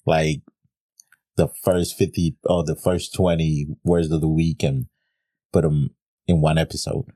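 A man's voice: a bass voice, flat delivery, a little slow, warm tone, no echo, clean studio sound. A middle-aged man co-hosting a podcast in casual chat, swearing freely and laughing often. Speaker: podcast co-host.

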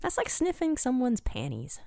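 A woman's voice: sits high, wildly swooping pitch, moderate pace, vocal fry, a little mellow, dry recording. A woman co-hosting a podcast, chatting casually with wry, teasing wordplay. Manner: wry, teasing, plays with words. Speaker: podcast co-host. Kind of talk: casual comedic chat.

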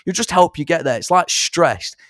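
A young man, telling stories in a casual interview about songwriting, animated and sweary. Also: a little high, normal speed, no room sound, clean studio sound. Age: young adult. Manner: animated storyteller, swears, fond of impressions. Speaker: songwriter and musician.

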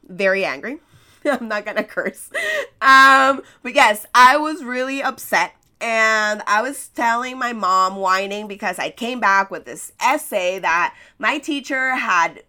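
Her voice is medium-pitched, bright, and forceful: an American-accented podcast host whose first language is Spanish. She delivers a relaxed motivational monologue built on stories and rhetorical questions, often laughing at herself.

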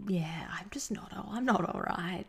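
A woman co-hosting a podcast, chatting casually and telling an animated story with frequent laughs. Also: fairly low pitch, moderate pace, creaky, a crowd in the background. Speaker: podcast co-host. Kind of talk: casual chat.

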